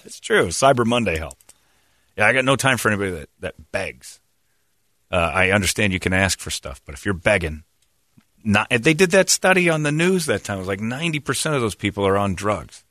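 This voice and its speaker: A man's voice: fairly low pitch, sing-song, brisk, pushed and bright, dry recording, clean studio sound. A man hosting a casual radio talk show, blunt and opinionated, laughing often. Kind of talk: casual banter on air.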